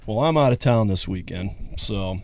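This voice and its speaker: An older man chatting casually on a podcast, excitable and quick to laugh, acting out the stories he tells. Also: on the low side, creaky. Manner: excitable, laughs often, acts out scenes. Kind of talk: casual chat.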